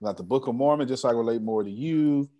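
A man's voice: mid-range voice, quick pace, muffled recording. A man hosting an online team meeting, talking in a casual, slangy and teasing way, repeating himself for emphasis. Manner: animated, slangy, teasing and repetitive. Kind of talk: casual motivational team call.

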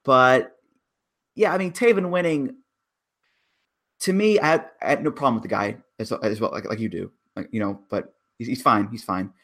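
A man's voice: lowish voice, very animated, fast talker, hardly any pauses, fairly bright tone, slightly rough. Emphatic man picking apart a booking decision. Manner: analytical, emphatic. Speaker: wrestling podcast guest. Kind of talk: casual podcast chat.

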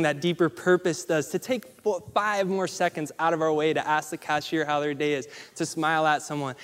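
Male motivational speaker, lively storyteller, resonant voice, big hall echo. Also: fairly high pitch. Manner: animated storyteller acting out quotes. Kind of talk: storytelling speech on stage. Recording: long hall reverb.

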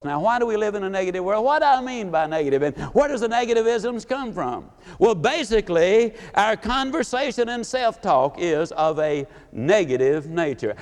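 Animated high-voiced man orating. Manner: animated folksy storyteller, questions the audience. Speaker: motivational speaker. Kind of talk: live motivational speech.

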